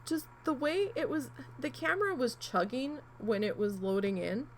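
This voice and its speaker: Chatty woman with a gravelly voice. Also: high voice, moderate pace, slight background noise, low-quality recording. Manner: rambling, chatty, animated retelling with frequent asides and mild swearing. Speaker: crafting vlogger. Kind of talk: casual storytelling while needle felting.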